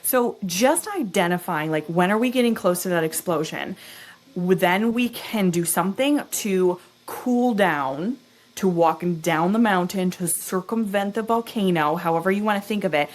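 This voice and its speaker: A young adult woman, a guest expert, explaining stress in an animated, teaching way and often checking in with "right?" and "okay?". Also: fairly low pitch, moderate pace. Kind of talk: explanatory interview talk.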